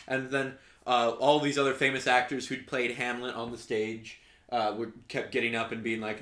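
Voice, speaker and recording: A man's voice: mid-range voice, level tone, moderate pace, fairly bright tone. A young man in casual podcast chat, telling a rambling story with many fillers. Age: young adult. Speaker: podcast co-host. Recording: roomy echo.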